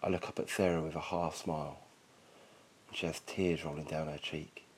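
A man reading a first-person story aloud in a quiet, sombre and reflective manner. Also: extremely low pitch, fairly even intonation, normal speed, slight background noise. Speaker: narrator.

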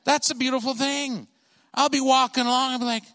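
High, bright-voiced man telling a comic story. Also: a little fast. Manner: animated, acts out the people in his stories. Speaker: comedian. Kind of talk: stand-up storytelling. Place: church auditorium. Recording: long reverb of a large hall.

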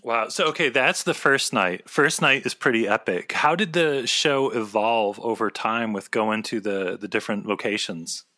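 A man's voice: lowish voice, moderate pace, few pauses, sharp tone. A man hosting a casual interview, asking curious follow-up questions.

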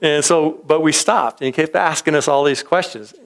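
A man's voice: on the high side, moderate pace. A man casually telling a story, rambling and chatty, chuckling and acting out what people said. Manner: rambling, chatty, chuckles often, acts out quotes.

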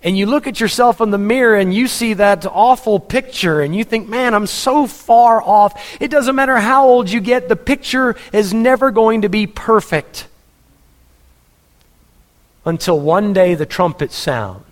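A pastor with a high-sitting voice preaches a sermon at a moderate pace, speaking straight to his congregation with earnestness and humor. The church hall gives the recording a long reverb.

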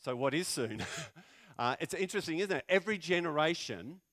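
A man pastor preaching a sermon in a conversational way, full of rhetorical questions. He moves between loud, emphatic lines and quiet, low passages. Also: lively intonation, a little fast, no echo, clean studio sound.

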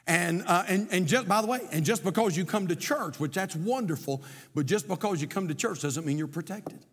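A man's voice: high-pitched, a little fast, slightly rough. A middle-aged man, preaching a sermon as pastor, moving from folksy storytelling to emphatic preaching. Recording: long hall reverb.

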